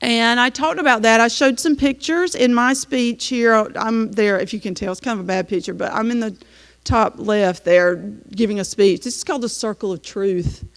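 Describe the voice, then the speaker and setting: A woman teacher walks an audience through her slides and tells the story in an easy, chatty way, stopping often on an "um." Her mid-pitched voice rings out through a large hall with a long reverb tail. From North Carolina, US. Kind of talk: slideshow presentation.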